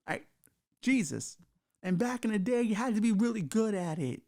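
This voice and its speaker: Man, middle-aged, podcast host, slightly high voice, gravelly fry, crude rambling jokes. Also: animated, moderate pace, mellow. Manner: crude, rambling, self-mocking. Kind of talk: casual comedic monologue.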